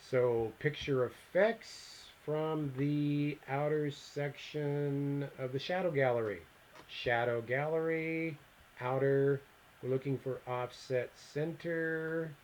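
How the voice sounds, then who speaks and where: A man teaching a software lesson on a screen recording. He thinks aloud, reads out the steps and mutters asides to himself as he clicks through them. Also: mid-range voice, a little hiss or hum, poor audio. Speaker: instructor.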